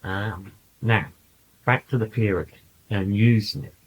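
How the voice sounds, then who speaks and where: A man in a channeling session, speaking in a calm, patient, coaching way and telling anecdotes to a small group. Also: lowish voice, measured pace, muffled recording, a little hiss or hum. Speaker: channeler giving spiritual counsel. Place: small room with a group present.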